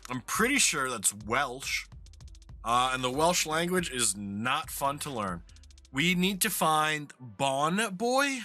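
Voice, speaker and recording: Bright-voiced New York man narrating gameplay. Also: fairly high pitch, very animated, takes it slowly, faint music behind. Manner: chatty, self-deprecating, swears casually. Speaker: streamer playing a geography game. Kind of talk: casual game commentary.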